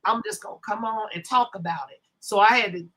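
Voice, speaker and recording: Bright-voiced woman hosting a rambling livestream. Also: medium pitch, a little fast, rough recording. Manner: loose, rambling, talks to chat while setting up. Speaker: livestream host. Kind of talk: casual livestream chat.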